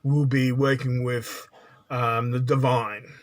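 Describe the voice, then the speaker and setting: A man's voice: medium pitch, flat delivery, slow. A man giving a spiritual monologue as a teacher, blunt and lecturing, often checking in with "right?".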